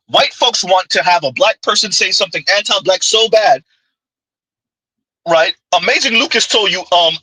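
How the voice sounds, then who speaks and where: Bright-voiced sarcastic man ranting. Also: sits high, breathy edge, no echo, rough recording. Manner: sarcastic, mocking, heated. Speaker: commentary channel host. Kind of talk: opinion commentary rant.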